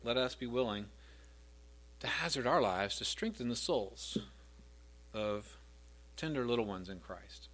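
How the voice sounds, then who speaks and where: A middle-aged male pastor delivers a sermon at a medium pitch. He speaks with emphasis, swelling louder and higher on repeated scripture lines before dropping back down. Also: lively intonation, unhurried.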